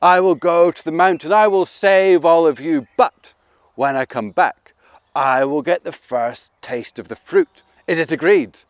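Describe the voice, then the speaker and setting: A man's voice: a little slow, no room sound, lightly acted. A man voicing a proud, boastful male lion who calls himself king of the animals, in a storybook telling. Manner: booming, roaring, self-important.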